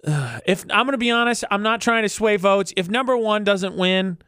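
A man's voice: high voice, unhurried, long pauses, clean tone, no echo, clean studio sound. A man co-hosting a radio show, chatting casually and often mocking people in exaggerated voices. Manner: animated, mocking voices for bad parkers.

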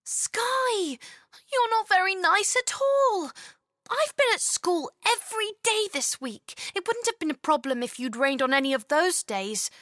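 A woman voicing a grumpy, impatient little girl who whines and protests in a high voice. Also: very animated, unhurried, fairly bright tone, dry recording, studio quality, heavily acted. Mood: sulky. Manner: whiny, high-pitched protests.

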